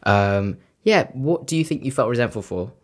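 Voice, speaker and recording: A woman's voice: rumbling low, animated, moderate pace. A young woman co-hosting a podcast in casual chat, supportive and thoughtful and leaning on fillers. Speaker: podcast co-host.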